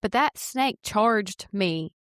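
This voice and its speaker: Animated woman realtor in a dry close sound. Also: medium pitch, slow pace, clean tone, dry recording. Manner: animated, rising to excited bursts when telling a story. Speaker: realtor and podcast co-host. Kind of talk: casual chat, telling anecdotes.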